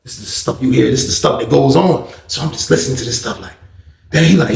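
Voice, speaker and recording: Gravelly, profane man telling a story. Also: medium pitch, quick pace. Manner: animated, profane, lots of acted quotes. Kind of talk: casual storytime. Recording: echoey room.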